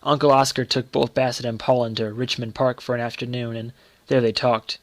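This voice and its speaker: A man reading a short story aloud in a measured storytelling manner. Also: medium pitch, flat delivery, no echo. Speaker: reader.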